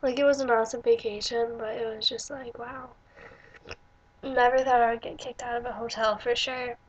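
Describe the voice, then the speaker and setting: A woman's voice: fairly high pitch, fairly even intonation, normal speed, dull audio. A young woman vlogger telling stories casually, rambling with many fillers and restarts. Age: young adult. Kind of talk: casual storytelling vlog.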